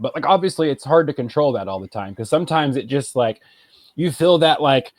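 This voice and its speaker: A man's voice: mid-range voice, expressive, fairly quick, no room sound. A man in his thirties co-hosting a casual podcast, talking in a rambling, reflective way with lots of fillers. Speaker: podcast co-host. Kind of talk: casual chat.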